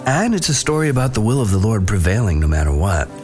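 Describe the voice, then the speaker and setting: Man, pastor, sermon, low voice, animated pitch, casual storytelling. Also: fast, over music. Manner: relaxed, conversational storytelling with casual slang.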